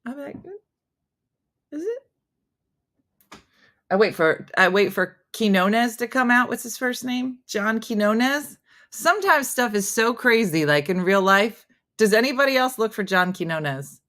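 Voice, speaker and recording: A woman's voice: medium pitch, normal speed. Chatty laughing woman hosting a stream. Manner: chatty and animated, laughs often, drops to mock whispers. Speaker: host reading viewer comments. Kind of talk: casual live-stream chat.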